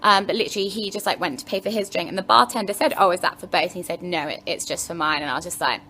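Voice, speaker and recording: A young London woman vlogs to her camera, her voice on the low side, bright and forceful, coming out rapid-fire over slight background noise. She tells a story in a chatty, rambling way, full of "anyway" and "like," tossing in frank, wry asides.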